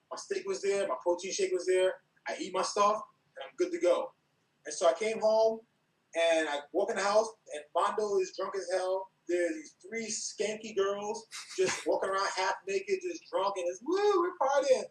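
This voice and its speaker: A man from New York, a guest on a podcast, telling stories with laughter and acted-out quotes in a relaxed chat. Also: high voice. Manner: animated, acts out quotes, laughs often. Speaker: podcast guest, former wrestler. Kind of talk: casual storytelling chat. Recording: roomy, from a distance.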